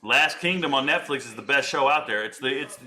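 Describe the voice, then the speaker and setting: A man's voice: mid-range voice, a little fast, bright, forceful tone. A man in his forties chatting casually on a home live stream, riffing and answering viewer comments. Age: 40s.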